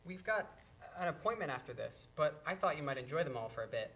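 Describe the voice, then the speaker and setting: A man playing a gentle, kind dog owner in a staged play reading, speaking softly and reassuringly. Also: fairly high pitch, sing-song, quick pace. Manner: soft and reassuring.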